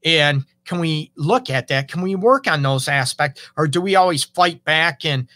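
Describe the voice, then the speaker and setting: A man's voice: a little high, expressive, moderate pace, pushed and bright, no echo. A man giving a casual monologue about relationships, conversational, often acting out quoted partners.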